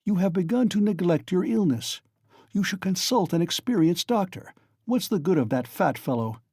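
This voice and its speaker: A man's voice: sits high, animated, normal speed, darkish tone, breathy edge, no echo, studio quality, voice pushed up, full character voice. A man reading aloud and voicing a sly, genial male magistrate who coaxes and teases with mock friendliness. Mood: coaxing. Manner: coaxing, insinuating, mock-friendly.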